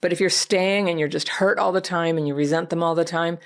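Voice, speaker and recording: A woman hosting an advice talk. She answers a viewer's letter in a gentle, reflective way and speaks straight to the listener. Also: fairly low pitch, normal speed. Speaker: advice host.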